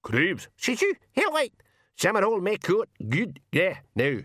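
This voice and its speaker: Rowdy little blue pixie warriors with a thick burr. They sound squeaky, gruff and sneering, as if they're shouting from a step away. It's an audiobook reading. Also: male voice, wildly swooping pitch, unhurried, dry recording, clean studio sound, heavily acted.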